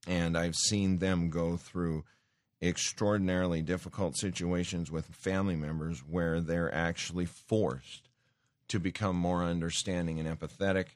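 A man's voice: sits low, fairly even intonation, normal speed, no room sound. A man giving an earnest sermon-style teaching, talking with many fillers and restarts and rising in emphasis when he cites scripture. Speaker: Christian teacher.

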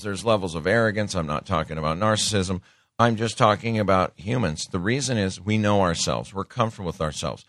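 A man's voice: lowish voice, a bit bright, no echo, studio quality. A man giving a casual, conversational sermon, folksy, with many fillers and asides.

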